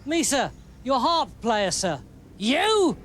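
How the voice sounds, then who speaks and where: A man's voice: very high voice, sing-song, a bit bright, a little hiss or hum, voice pushed up, heavily acted. A man doing a cocky young shepherd lad. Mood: cheeky. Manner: cocky, quick-witted. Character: cheeky young shepherd boy, bold and mouthy. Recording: music playing under the voice.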